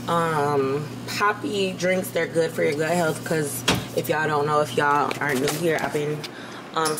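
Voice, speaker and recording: A woman's voice: deep voice, noisy background. A young woman, chatting casually to camera about her home, full of ums and calling her viewers y'all. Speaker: lifestyle vlogger. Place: home kitchen and bathroom, indoors. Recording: roomy room with household clatter.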